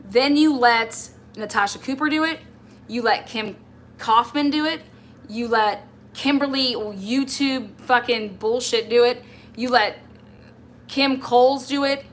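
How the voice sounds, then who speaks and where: Her voice sits a little high and moves a little slowly as she vents on her livestream, talking straight to someone who isn't present. The tone is exasperated and confrontational, with slight noise in the background.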